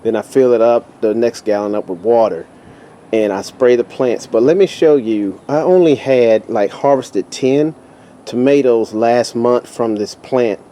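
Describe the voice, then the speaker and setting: A man with a Texan drawl showing his garden, talking in an excited, stumbling way and repeating himself, recorded outdoors on a handheld camera. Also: medium pitch, a little slow, a little hiss or hum. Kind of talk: casual walk-through vlog.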